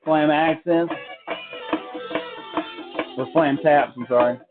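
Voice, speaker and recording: A man's voice: fairly high pitch, takes it slowly, music in the background. Man teaching drums over a tinny line. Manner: relaxed, explanatory, with many fillers and restarts. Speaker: drum teacher. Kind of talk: casual spoken drum lesson. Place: hotel room. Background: drum practice pad.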